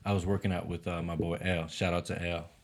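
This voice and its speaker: A man's voice: sits low, level tone, fast talker. A man telling a long story in casual chat, laid-back, with lots of fillers and swearing.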